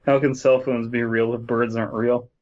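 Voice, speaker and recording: A man co-hosting a comedy horror podcast, reading an urban legend with deadpan, absurd quips mixed in. His voice sits at a middle pitch. The recording is dull and lo-fi. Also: moderate pace. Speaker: podcast co-host. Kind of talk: casual comedic story reading.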